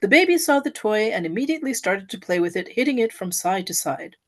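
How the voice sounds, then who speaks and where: A woman's voice: mid-range voice, brisk. Woman reading a devotional story expressively. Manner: expressive storytelling, lively and earnest. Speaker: devotee giving an offering.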